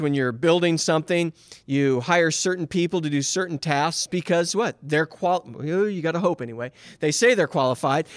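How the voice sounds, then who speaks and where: With studio-quality audio and no echo, this sermon comes from a middle-aged man with a higher-pitched voice. As a pastor speaking conversationally, he stays earnest, asks rhetorical question after rhetorical question, and frequently drops in "you know."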